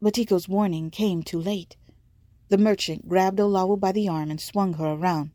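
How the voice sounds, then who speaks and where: A woman reading a story aloud in a measured, vivid narrating manner. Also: mid-range voice, steady tone, dark tone, dry recording, clean studio sound. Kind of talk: scripted audiobook narration.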